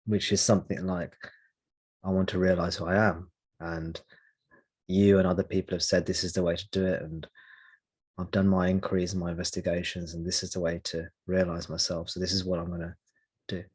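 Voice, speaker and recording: Man, very low voice, husky, spiritual teacher, slow reflective talk with pauses. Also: level tone, a little mellow. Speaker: satsang teacher. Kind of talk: spiritual talk answering a question.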